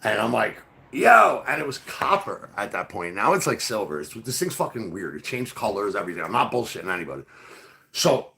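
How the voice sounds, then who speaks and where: A man's voice: lowish voice, big pitch swings, a little fast, vocal fry, pushed and bright. A man casually telling a rambling, profane story full of fillers. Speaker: podcast host.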